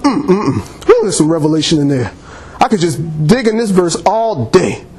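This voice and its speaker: A man's voice: fairly high pitch, very animated, normal speed, darkish tone. A man preaching a sermon in church, reading scripture and calling on the congregation for amens, laughing often.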